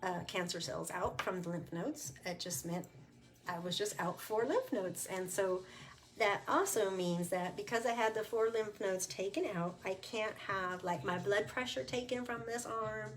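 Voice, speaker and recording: Chatty woman telling her own story. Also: medium pitch. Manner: chatty and candid, with frequent fillers and quick laughs. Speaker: cancer survivor sharing her story. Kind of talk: casual livestream testimony. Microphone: webcam or phone on a livestream.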